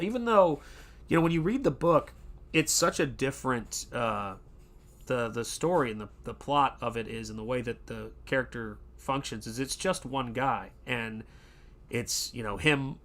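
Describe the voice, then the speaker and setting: Casual male host, bright tone, rambling chatty delivery with plenty of ums and restarts. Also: mid-range voice. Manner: does quick pirate voices in quotes. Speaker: art channel host. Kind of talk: casual livestream chat.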